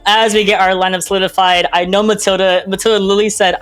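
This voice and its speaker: An excitable esports caster, gushing through live game commentary with faint music behind. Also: medium pitch, fast talker, smooth.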